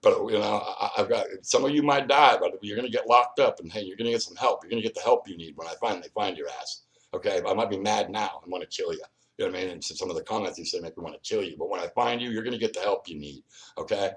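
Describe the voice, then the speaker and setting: Somewhat low-voiced and quick, a man talks directly and confrontationally to the viewer in his own solo vlog. He rambles, frequently repeating himself and starting over.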